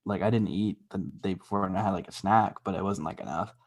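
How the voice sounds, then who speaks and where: Young guy on a podcast, kinda husky and lowish, laughs a lot, swears constantly. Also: fast talker. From grew up half Mexican in the US. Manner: laughs often, swears a lot, rambling storyteller. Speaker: podcast co-host. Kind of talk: casual podcast chat.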